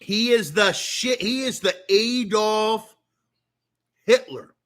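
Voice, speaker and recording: A man's voice: high voice, slow, a bit bright. A man with a Canadian accent telling a long, rambling story in a casual rant, swearing often and talking with a lot of animation. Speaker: streamer.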